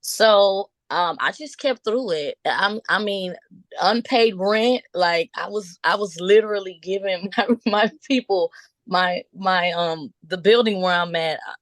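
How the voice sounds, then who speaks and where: A middle-aged woman from Buffalo, New York, a business owner telling her story in a casual interview, with lots of ums and restarts and lively acted-out quotes. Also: medium pitch, a little slow, dry recording. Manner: animated storyteller, acts out quotes, laughs often; frequent um fillers and restarts.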